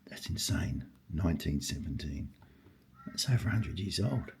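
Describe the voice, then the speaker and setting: An older man with a very low, gravelly voice that sounds husky, thinking aloud at his desk. He drifts between quiet murmurs and excited exclamations. A faint hiss sits under the recording. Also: moderate pace. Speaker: stamp collector. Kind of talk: casual vlog, thinking aloud while sorting.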